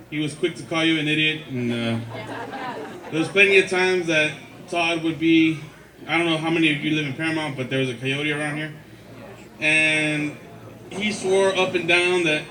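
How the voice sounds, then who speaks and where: A man at a memorial telling a casual, blunt anecdote. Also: on the high side. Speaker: memorial speaker. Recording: echoey hall from far off, crowd behind.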